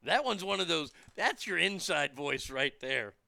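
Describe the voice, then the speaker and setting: A man's voice: a little high, animated, a little slow, creaky, bright, forceful tone, no echo. A man delivering a profane, mocking comedic rant, stumbling over restarts as he tells the story.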